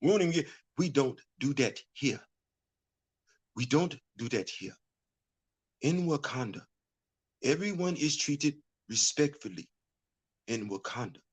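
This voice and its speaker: A man voicing a solemn Wakandan man, proclaiming his nation's pride in slow, quiet, stately pronouncements. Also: medium pitch, animated, husky, voice pushed down.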